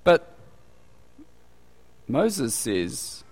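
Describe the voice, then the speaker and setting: Brief: slightly high-voiced male preacher, conversational and animated, long hall reverb. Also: moderate pace. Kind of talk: sermon.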